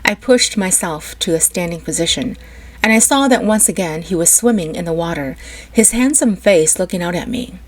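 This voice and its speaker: A woman's voice: lowish voice, lively intonation, normal speed. A woman narrating a first-person story with an emotional, dramatic delivery.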